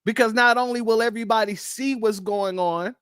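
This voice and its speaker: A man's voice: sits high, a little fast, fairly bright tone, clean tone, no echo, studio quality. A man hosting a casual political commentary show, emphatic and talking straight to his viewers as family.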